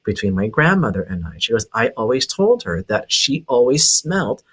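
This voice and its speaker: Husky man, medium-pitched, lively storyteller who laughs along with his own tale. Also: moderate pace. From Hawaii. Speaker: psychic medium guest. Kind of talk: casual storytelling.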